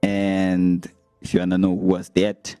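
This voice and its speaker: A young man talking casually to his viewers as a vlogger, retelling comments with animated, laughing delivery. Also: sits low, a little slow, no room sound. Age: young adult. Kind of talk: casual storytelling to camera.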